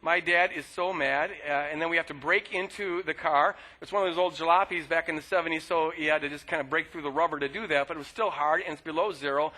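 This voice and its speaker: Middle-aged male pastor, high and bright, lively storyteller with loud outbursts. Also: fast, hardly any pauses, low-quality recording. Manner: animated storytelling, bursts of loud shouting when acting out anger. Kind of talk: sermon with personal story.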